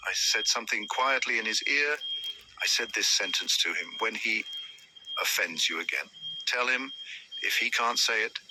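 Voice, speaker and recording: A man's voice: lowish voice, pushed and bright, a little hiss or hum, rough recording. A man giving a motivational storytelling talk as a trainer, acting out the dialogue he quotes. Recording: music playing behind voice.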